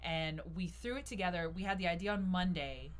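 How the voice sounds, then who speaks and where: A woman's voice: lowish voice, brisk. A woman guest on a podcast, telling a story in casual chat and acting out the quotes. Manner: animated storyteller, acts out quotes. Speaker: guest, YouTube channel member.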